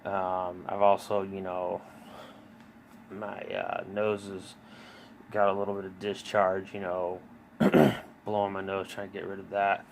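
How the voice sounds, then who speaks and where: A man in his thirties with a lowish, gravelly voice tells his own story in a loose, rambling way. He fills every pause with fillers, restarts often and swears freely. Faint room noise sits under his voice. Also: monotone. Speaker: vlogger. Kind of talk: casual personal storytelling.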